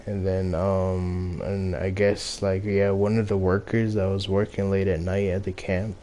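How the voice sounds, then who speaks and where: A young man from Los Angeles tells a story in a low, flat voice, dragging along slowly. His tone is dark and relaxed, and he fills every gap with "like," "um," and casual swearing. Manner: rambling, heavy on fillers and profanity.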